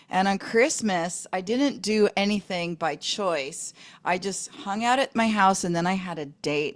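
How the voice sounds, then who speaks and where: A woman improv performer bantering playfully on a video call, animated and giggly. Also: mid-range voice.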